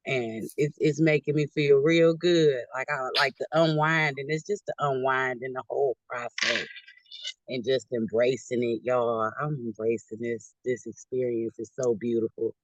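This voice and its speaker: Woman participant, low voice, grateful and relaxed, dry sound over a video call. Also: normal speed, no echo, lo-fi sound. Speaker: caller. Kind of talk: casual video call chat.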